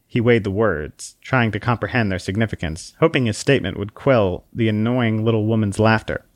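A man's voice: lowish voice, a little fast, few pauses, no echo. A man reading a story aloud in a wry, dry storytelling manner. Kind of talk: storybook narration.

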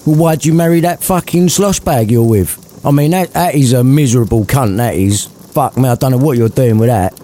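A man voicing a crude, sarcastic old miser who swears loudly. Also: mid-range voice, brisk, few pauses, pitched above the performer's own voice, lightly acted. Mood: scornful. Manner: loud foul-mouthed rants.

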